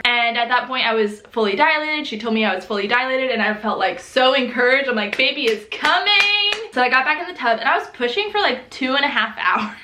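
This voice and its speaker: A young woman casually telling her birth story to the camera, animated, laughing often and acting out what people said in high voices. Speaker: vlogger. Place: home room. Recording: echoey room.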